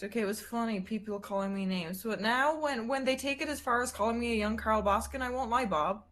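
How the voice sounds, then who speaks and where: A woman's voice: fairly high pitch, fairly quick, few pauses, a bit bright. A woman streamer chatting casually as a guest, teasing and sarcastic. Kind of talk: casual livestream chat.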